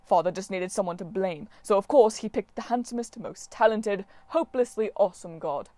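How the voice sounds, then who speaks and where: A woman's voice: medium pitch, a little fast, warm tone, no room sound, lightly acted. Brief: woman reader as melodramatic male god, theatrical diva, dry read. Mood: dramatic. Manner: wailing, theatrical, self-pitying. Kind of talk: audiobook character voice.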